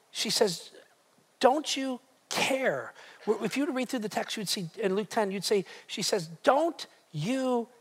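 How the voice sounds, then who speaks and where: A man's voice: high-pitched, a bit bright. A man preaching a sermon as pastor, emphatic, often repeating words and asking the congregation direct questions.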